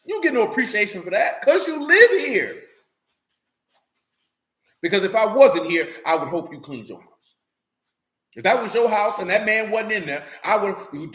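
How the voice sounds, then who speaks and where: A man's voice: sits high, fairly bright tone. A man preaching in a casual, conversational way, blunt and streetwise, who keeps checking that his listeners follow him. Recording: roomy echo.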